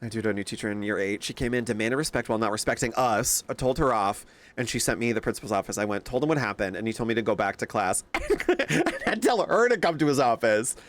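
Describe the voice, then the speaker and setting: A young man streaming a game, casually reacting to chat and telling animated stories with plenty of swearing. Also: mid-range voice, fast talker.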